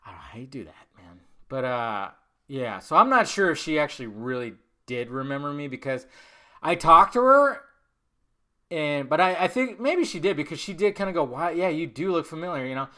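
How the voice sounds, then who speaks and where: A middle-aged man hosting a podcast, telling a rambling, animated personal story with lots of swearing and acted-out quotes. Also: on the high side, normal speed. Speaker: podcast host. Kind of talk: casual storytelling monologue.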